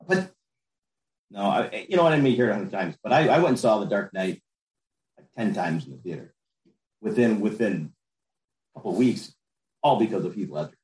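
A man's voice: on the low side, lively intonation, fairly quick, pauses often, darkish tone. A man co-hosting a casual podcast chat, laid-back and rambling. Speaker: podcast co-host. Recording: roomy echo.

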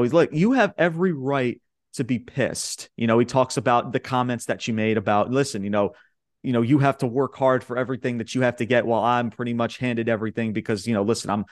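A man's voice: mid-range voice, no room sound, studio quality. A young man from Long Island, casually recapping wrestling promos on a podcast and acting out the quotes with laughs. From Long Island, New York. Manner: animated retelling, quoting wrestlers with laughs. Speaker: podcast host.

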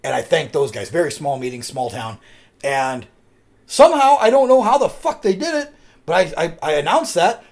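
Rambling, lively-voiced man telling stories. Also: a little high, normal speed, creaky. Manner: rambling storyteller, swears freely. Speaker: podcast co-host. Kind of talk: casual chat.

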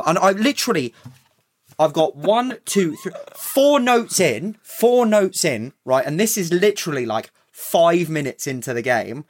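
A man's voice: on the high side, unhurried. A man co-hosting a football podcast, mocking and joking in casual chat. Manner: lively, mocking, laughing asides. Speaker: podcast co-host. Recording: slight echo.

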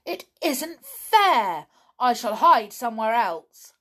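A sulky young boy who cheats at games and whines loudly when others do the same, as a woman reading a storybook puts him on. His voice jumps high and goes loud with indignation, and the woman reading drags the words out slowly. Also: expressive, exaggerated voice. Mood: indignant. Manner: whiny, indignant shouting.

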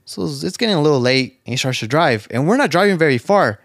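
A man's voice: fairly high pitch, expressive, fast talker, no echo, clean studio sound. A man co-hosting a podcast, telling rambling, profane anecdotes in a casual chat. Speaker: podcast co-host.

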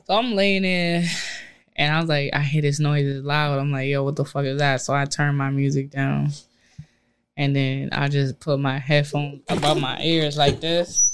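A woman's voice: low voice, a little slow, clean tone. Young woman, loose and profane, telling a story on a casual podcast. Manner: profane, animated storytelling with frequent laughter.

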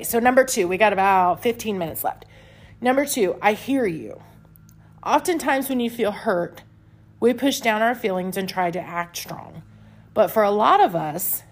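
A woman hosting a self-help podcast, speaking candidly and confessionally from home. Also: mid-range voice. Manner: candid, confessional, with soft laughs. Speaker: podcast host. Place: home with pets nearby.

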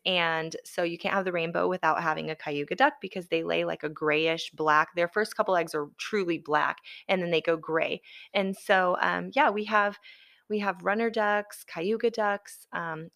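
A woman's voice: fairly low pitch, a bit bright. Easygoing woman guest. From Alabama and Florida, US South. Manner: easygoing, storytelling, frequent fillers. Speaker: guest homesteader. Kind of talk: casual conversation.

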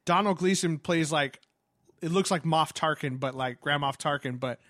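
Excitable man telling a story, dry sound. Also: on the high side, no echo. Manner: animated, fast with many fillers and restarts.

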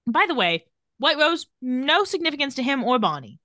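A woman's voice: sits high, sing-song, moderate pace, pushed and bright, dry recording, studio quality. A woman co-hosting a casual podcast, recapping a TV episode scene by scene with wry asides and frequent laughter. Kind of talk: casual chat.

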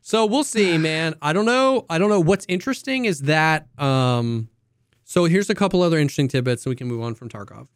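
A man co-hosting a gaming podcast, talking in a loose, animated, casual way, saying "dude" and "you know what I mean" often. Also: fairly high pitch, brisk, clear, resonant tone, dry recording, clean studio sound. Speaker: podcast co-host.

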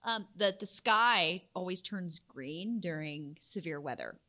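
A woman with a fairly low but bright voice chats about weather with her co-host. Her pitch swings widely as she tells stories, and she giggles often. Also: takes it slowly. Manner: animated storyteller, giggly. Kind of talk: casual chat about weather myths.

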